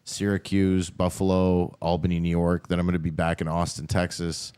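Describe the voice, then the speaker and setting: A man's voice: low-pitched, monotone, moderate pace, dark tone, clear, resonant tone, no room sound, clean studio sound. A man from Canada, a comedian guest, talking in a loose, rambling way with many fillers. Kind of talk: casual chat.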